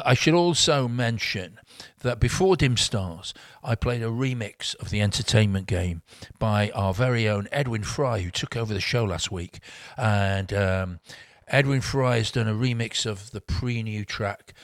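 A man's voice: on the low side, no echo, studio quality. A man hosting a radio music show, back-announcing tracks in a rambling, self-mocking way with plenty of ums and uhs.

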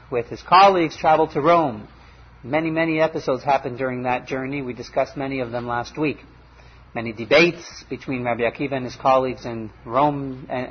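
Husky man telling Torah stories. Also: on the high side, highs cut off. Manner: animated storytelling, acts out quoted voices. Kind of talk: storytelling Torah lecture.

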